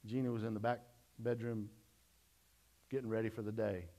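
A middle-aged man preaching a sermon, telling a personal story in a folksy way and swinging from loud to hushed. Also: fairly low pitch, little pitch movement, moderate pace. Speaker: pastor.

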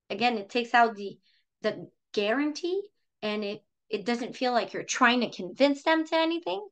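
A woman with a French accent, coaching listeners in a lively, chatty way and acting out sample phrases. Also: sits high, normal speed. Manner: lively, chatty, repeats herself. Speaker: sales trainer. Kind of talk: coaching talk with role-played examples.

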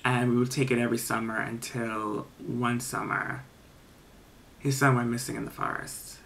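Young guy for a storytime vlog, rambling, filler-heavy, swears casually, mid-pitched voice. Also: flat delivery, normal speed, vocal fry, a bit bright, a little hiss or hum.

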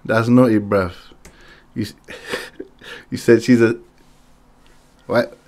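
A man, hosting a music reaction and talking casually with lots of slang, quick to get excited. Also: lowish voice.

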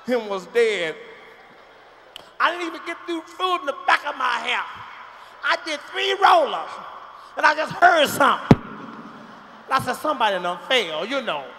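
A man doing a shrill gossipy auntie. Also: moderate pace, vocal fry, long pauses, background noise. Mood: frantic. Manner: repetitive, breathless storytelling. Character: gossipy middle-aged woman relative retelling a death. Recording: live stage show in a large hall.

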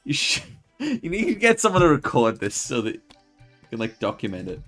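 A man's voice: mid-range voice, huge pitch swings, fairly quick, fairly bright tone, faint music behind. A man chatting casually while gaming, laid-back, swearing and filling with "like.". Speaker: streamer.

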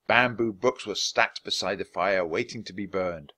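A man narrating a children's storybook aloud, expressive and switching voices for each character. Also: deep voice, normal speed. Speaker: audiobook reader.

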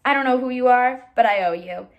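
A woman's voice: a little high, a little fast, dull audio, close to an everyday voice. A woman reading aloud voices a male army tank commander who gets emotional over his dog. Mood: excited.

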